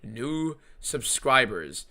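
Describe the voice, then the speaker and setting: A man hosting a live fight watchalong stream, talking in an excitable, profane and rambling way. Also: medium pitch, extremely slow, gravelly. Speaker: streamer host.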